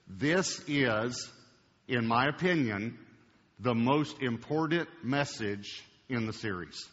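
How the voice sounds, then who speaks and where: A man preaching to a large congregation, slowing down to hammer home key words. His voice sits at an ordinary pitch. The sound is dull and carries a long church-hall reverb. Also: fairly bright tone. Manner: emphatic, slows down to stress key words. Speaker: pastor. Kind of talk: sermon.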